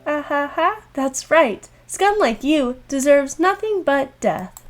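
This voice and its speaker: A woman voicing a mocking male AI warden villain in a horror visual novel, speaking slowly and cackling. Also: high-pitched, animated, voice pushed up. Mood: taunting. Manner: slow, taunting, cackling.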